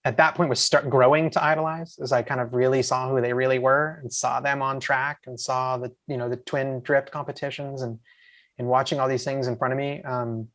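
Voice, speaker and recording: A man sits in as a podcast guest and spins enthusiastic stories that wander through plenty of asides. His voice sits in an ordinary middle pitch, and he talks in a loose, casual way. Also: fairly even intonation, brisk, a bit bright. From USA. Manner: rambling, enthusiastic, lots of asides. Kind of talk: casual storytelling.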